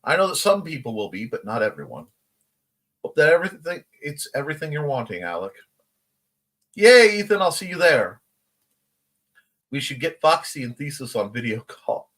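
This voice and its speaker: A man's voice: mid-range voice, sing-song, fairly quick, a bit bright. A man hosting a casual livestream morning chat, reading viewer comments aloud and laughing along. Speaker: host.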